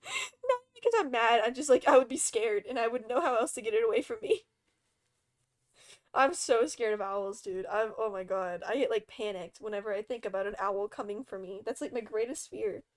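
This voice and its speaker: A woman's voice: a little high, animated, moderate pace. A young woman streaming and chatting casually with friends, talking animatedly, swearing freely and laughing often.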